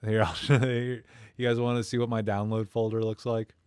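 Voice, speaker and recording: A man hosts a casual live stream, rambling from one thought to the next and cracking jokes at the chat. His voice sits a little low. The sound is close and dry, with no room around it. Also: level tone, fairly quick, darkish tone, smooth, no room sound. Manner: rambling, jokey, reads chat comments aloud. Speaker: host of a live camera stream.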